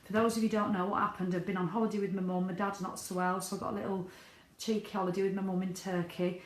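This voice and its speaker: A woman's voice: medium pitch, level tone, fast talker. A middle-aged woman talking candidly in a casual video diary, swearing freely. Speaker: vlogger. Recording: echoey room.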